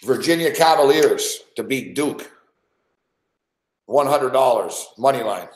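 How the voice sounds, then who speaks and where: A man's voice: medium pitch, animated, measured pace, echoey room. A man hosting a sports betting show, complaining with heavy swearing about his bets. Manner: profane, frustrated rant. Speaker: sports betting podcast host. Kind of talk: casual betting talk.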